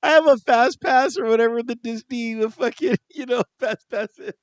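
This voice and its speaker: A man co-hosting a podcast in casual chat, often laughing and acting out lively quotes as he tells stories. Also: very high voice, moderate pace, no echo. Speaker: podcast co-host.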